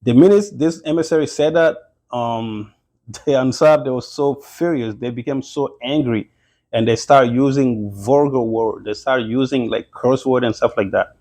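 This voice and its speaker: A man's voice: mid-range voice, normal speed, darkish tone. A man giving an informal religious history lesson, talking conversationally with many fillers and restarts. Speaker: religious teacher.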